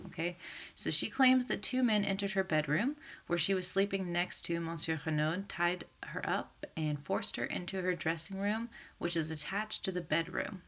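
A woman with a low, gravelly voice reads a chapter aloud in even narration. She then breaks off to explain it in a relaxed, teacherly way. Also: normal speed. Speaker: reader and teacher.

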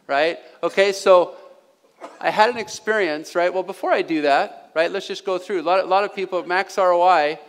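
A man giving a live seminar talk to an audience, energetic and forever tagging his points with "right?". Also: high voice, moderate pace. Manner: energetic, keeps asking "right?". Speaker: seminar presenter. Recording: long hall reverb.

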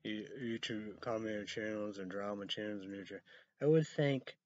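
A man's voice: normal speed, dry recording. Rambling man spelling words out, lo-fi. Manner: rambling, spells words out letter by letter, bursts into high excited outbursts. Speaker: vlogger. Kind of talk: rambling casual monologue. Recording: dull lo-fi sound.

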